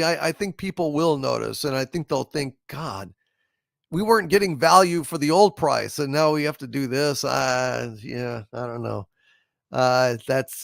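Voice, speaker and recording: A man hosting a livestream talks slowly and unhurriedly, with a gravelly edge to his voice. He rambles as he reads out viewer messages, full of fillers and false starts. The sound is dry and close. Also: a little high, dry recording. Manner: rambling with many fillers and restarts; slow, soft poetry reading. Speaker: livestream host. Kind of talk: casual livestream chat reading super chats.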